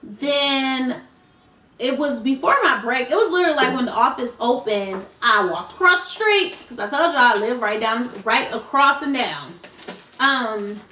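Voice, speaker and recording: A woman's voice: high voice, expressive, unhurried, bright, forceful tone, distant mic. A woman telling a storytime on her vlog, speaking casually and animatedly straight to her viewers. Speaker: vlogger. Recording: roomy, off-mic, faint noise.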